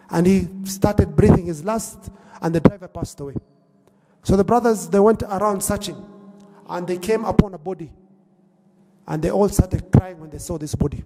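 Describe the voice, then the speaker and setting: High-voiced preacher telling a story in a hall. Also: male voice, moderate pace, creaky, mellow. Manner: emotive storytelling, quoting figures in Arabic then English. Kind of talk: sermon storytelling.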